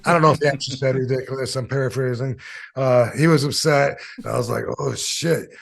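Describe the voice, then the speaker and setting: A man's voice: mid-range voice, fairly even intonation, fast, gravelly. A man in his fifties, an interview guest and former wrestler, telling long casual stories with many fillers and acting out the voices of people he quotes. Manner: rambling anecdotes with many fillers.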